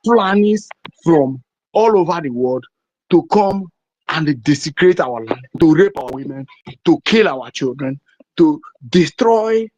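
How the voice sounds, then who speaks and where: A man's voice: a little high, darkish tone, slight background noise. A man from southeastern Nigeria with a Nigerian English accent, giving an impassioned political address with emphatic, repetitive rhetoric. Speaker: political activist. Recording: dull lo-fi recording.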